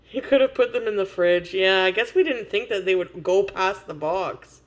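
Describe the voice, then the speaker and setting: A woman's voice: mid-range voice, normal speed, dull audio. A woman livestreamer chatting casually with viewers, laughing often and swearing freely.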